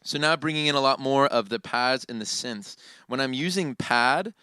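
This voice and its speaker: A man teaching worship keyboard in a relaxed, casual way, often tagging his points with "right?". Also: mid-range voice, moderate pace, clean tone, dry recording. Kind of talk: casual instructional talk. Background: keyboard playing.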